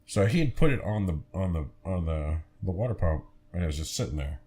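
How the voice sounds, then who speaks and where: A young man with a very deep, low voice tells a story on a casual podcast. He rambles along with halting restarts and small detours. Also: animated, mellow. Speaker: podcast co-host.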